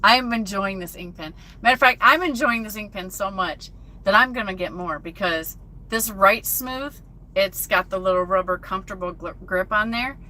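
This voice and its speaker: A woman's voice: mid-range voice, normal speed, bright, forceful tone. A woman truck driver chatting casually on a phone live stream from her cab at a truck stop, reading viewer comments aloud.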